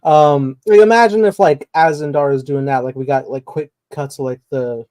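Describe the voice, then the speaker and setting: A man's voice: on the high side, moderate pace, a little mellow, dry recording. A man co-hosting a podcast in casual discussion, explaining earnestly with many fillers. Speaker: podcast co-host.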